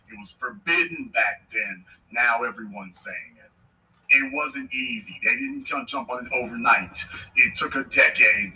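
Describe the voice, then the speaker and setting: A man's voice: mid-range voice, pushed and bright, distant mic, poor audio. A man hosting a podcast, giving a political commentary monologue emphatically and repeating his points for effect. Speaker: podcast host.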